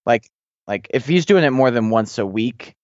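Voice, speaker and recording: A man's voice: mid-range voice, lively intonation, moderate pace, no room sound. Man telling parenting stories, muffled. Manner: rambling storyteller with many restarts. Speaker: podcast co-host. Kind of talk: casual chat.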